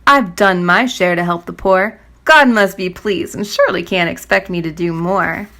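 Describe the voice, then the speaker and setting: This is a self-satisfied wealthy man in a storybook, voiced by a woman. He talks in a prim, fussy way. The voice sounds bright and a little gravelly. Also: fairly low pitch, normal speed. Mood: smug.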